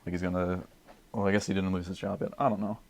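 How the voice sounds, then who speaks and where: A young man on a podcast, casually rambling through a movie pitch with lots of fillers. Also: level tone, fast, darkish tone. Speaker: podcast regular.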